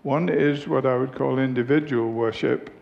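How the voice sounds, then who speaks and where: A man, a pastor, preaching a sermon, telling a story in an unhurried way with frequent hesitations. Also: mid-range voice, gravelly. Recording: dull lo-fi recording with faint background noise.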